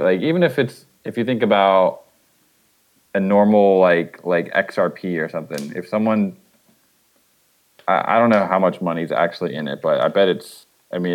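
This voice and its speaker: Halting low-voiced man explaining. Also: rough recording. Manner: halting, filler-heavy explaining. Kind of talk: casual group voice chat.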